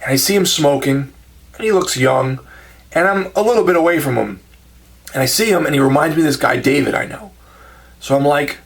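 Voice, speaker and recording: A man's voice: on the high side, a little fast, vocal fry, long pauses. A man telling funny anecdotes in a casual, self-mocking way, acting out the people he quotes. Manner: chuckling, self-deprecating anecdotes with quoted dialogue. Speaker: channel host telling stories. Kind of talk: casual storytelling monologue.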